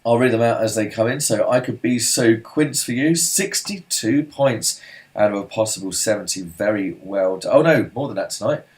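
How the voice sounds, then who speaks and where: A man hosts a casual quiz, reading answers in a somewhat low voice. He talks in a loose, chatty way, full of ums and little side remarks. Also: a little mellow. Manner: chatty, rambling asides and filler-heavy. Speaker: pub quiz host.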